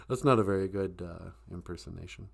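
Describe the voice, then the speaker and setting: A man's voice: fairly low pitch, expressive, unhurried. A man hosting a casual livestream, joking and laughing often. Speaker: livestream host and comic author.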